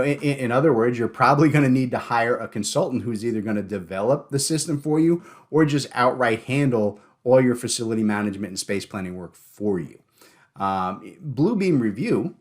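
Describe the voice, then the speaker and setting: A man hosting a podcast in casual chat, joking and animated, often stumbling and repeating words. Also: mid-range voice. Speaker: podcast host.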